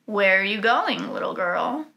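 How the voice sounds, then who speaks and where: A woman voicing a sly, hungry male wolf in a storybook, coaxing and smooth-talking. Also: medium pitch, lively intonation, a little slow, sharp tone, exaggerated voice.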